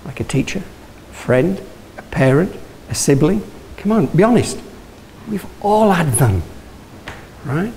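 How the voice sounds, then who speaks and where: A man's voice: fairly high pitch, sing-song, unhurried, creaky, darkish tone, slight background noise, low-quality recording. A man from Yorkshire giving a motivational talk, telling stories and asking the audience questions, with frequent restarts. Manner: anecdotal, engages audience with questions; restarts and self-corrections. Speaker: guest speaker.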